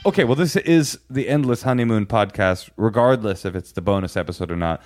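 A man's voice: lowish voice, fairly quick, darkish tone, faint music behind. A man in his forties co-hosting a podcast, chatting casually and joking, rambling with many fillers and restarts. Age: 40s. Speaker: podcast co-host. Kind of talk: casual chat.

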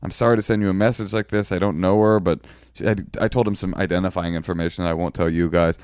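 A man co-hosting a podcast, telling a long story in a rambling, halting way with deadpan jokes. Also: deep voice, clean tone, dry recording, studio quality. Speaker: podcast co-host. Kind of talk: casual storytelling chat.

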